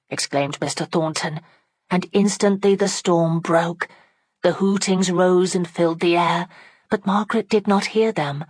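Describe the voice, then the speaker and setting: A woman narrating an audiobook in a steady, dramatic storytelling manner on a close microphone. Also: on the low side, a little slow, dry recording. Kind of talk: scripted narration.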